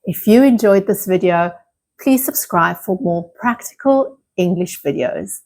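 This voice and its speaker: Slow, deliberate woman teaching pronunciation. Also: medium pitch, lively intonation, a little mellow. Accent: Italian. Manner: slow, deliberate, repeats words for practice. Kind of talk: online pronunciation lesson.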